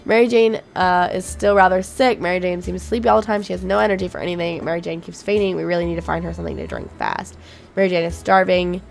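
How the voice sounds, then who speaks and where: Gaming youtuber woman, gravelly fry voice, chatty, curses a lot, quiet game music behind. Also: lowish voice, expressive, fast. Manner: chatty and reactive, swears freely, laughs often. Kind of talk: casual game commentary, reading game text aloud.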